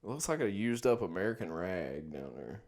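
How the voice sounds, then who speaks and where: A man co-hosting a podcast, teasing and jumping in with quick reactions in casual banter. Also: sits low, sing-song, very noisy. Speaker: podcast co-host.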